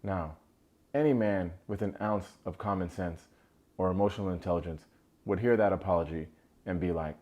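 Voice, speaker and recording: A man recapping a reality dating show in casual commentary. He is animated and sarcastic, drops slangy asides, and jumps between low mutters and sudden high exclamations. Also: moderate pace, highs cut off.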